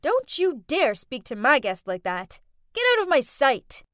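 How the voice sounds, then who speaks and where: A snobby, cruel rich girl sneering and snapping, as a woman narrator puts her on. Her high voice is loud and haughty. The sound is close and dry. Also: very animated, measured pace, no room sound. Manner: haughty, shouting.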